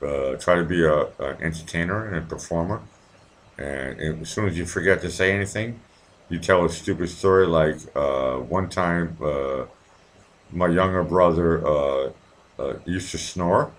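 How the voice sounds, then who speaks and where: A man's voice: low-pitched, unhurried. Profane, rambling man in his forties. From Massachusetts, near Boston. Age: 40s. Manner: profane, rambling and ranting, swings from mumbling to loud outbursts. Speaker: live stream host. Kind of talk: casual live-stream chat reading viewer comments.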